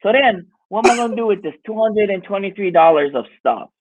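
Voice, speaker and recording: A middle-aged man, telling animated, laughing stories in casual chat and quoting people as he goes. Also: high-pitched, fast talker. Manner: animated, laughing storyteller with lots of voiced quotes. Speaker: musician and jewelry maker guest. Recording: tinny phone-like dry audio.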